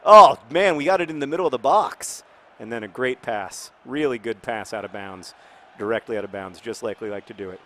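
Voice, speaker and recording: A man casually commenting on his football video game in a rambling, jokey way, breaking into excited shouts. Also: medium pitch, fairly quick. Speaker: gaming video host.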